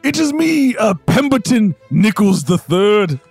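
A man doing a pompous rich gentleman. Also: high-pitched, very animated, slightly rough, no echo, faint music behind, voice pushed up, heavily acted. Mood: grandiose. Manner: grand, theatrical, drawn-out. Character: pompous rich man returning to give thanks.

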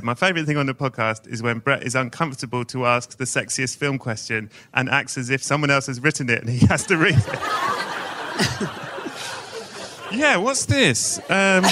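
A man's voice: medium pitch, sharp tone. A man hosting a live podcast, joking and laughing often, and sometimes putting on a posh, old-fashioned voice. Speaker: podcast host. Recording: live stage mic with faint noise.

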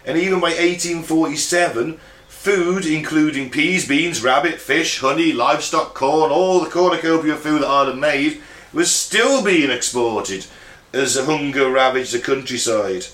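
A man co-hosting a casual chat podcast, laying out history in long, loose stretches and swearing without restraint. His voice has a bright, forceful edge, and the room leaves a clear echo around it. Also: a little high, moderate pace. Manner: explains history at length, swears freely. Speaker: podcast co-host. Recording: roomy echo.

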